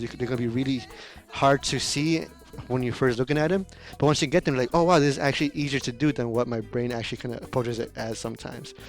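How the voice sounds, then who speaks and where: Man, dance instructor, mid pitch, counting beats, casual explanations, faint music behind. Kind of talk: live-streamed dance lesson, counting steps.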